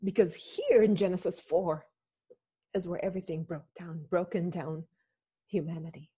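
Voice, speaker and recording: A woman pastor speaks with slow, grave deliberation as she leads a lament. Her voice sits fairly low, with a dark, mellow tone and a husky, breathy edge. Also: fairly even intonation. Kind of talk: slow reflective spoken sermon and prayer.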